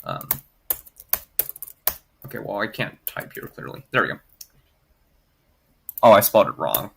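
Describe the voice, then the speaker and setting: A man's voice: fairly low pitch, wildly swooping pitch, a little slow, creaky, slightly rough. A man chatting casually on a livestream, rambling with many filler words and reading comments aloud. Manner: rambling, heavy on "like" fillers, reads chat aloud. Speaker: streamer graphing in Desmos.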